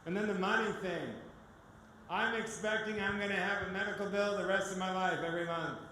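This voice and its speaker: A man gives his personal testimony as a guest speaker, telling it as an animated story and acting out the dialogue. His voice sits high and bright. The recording rings with long reverb from a large hall, with a faint hiss behind it. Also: fairly quick.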